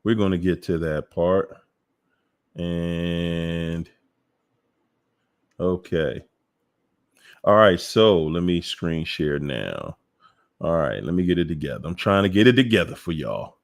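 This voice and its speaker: A man with a low voice, vocal fry and lively intonation hosts a casual call-in livestream. He's slow and chatty as he sets up clips, exclaiming and laughing often.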